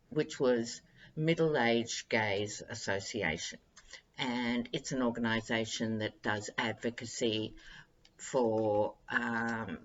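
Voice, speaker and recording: A woman's voice: rumbling low, dull audio. A woman, chatting wryly and directly to her viewers as a tarot-reading vlog host. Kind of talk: casual monologue to viewers.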